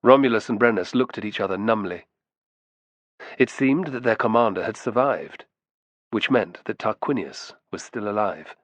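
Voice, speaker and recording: Low-voiced man narrating an audiobook. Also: moderate pace, dry recording. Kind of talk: scripted narration.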